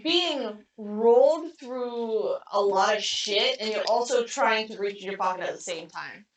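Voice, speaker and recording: A higher-voiced woman narrates a tabletop adventure as game master, animated and quick to laugh. Her voice rings a little in a roomy, echoey space. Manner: animated, laughing storyteller with sound effects. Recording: roomy echo.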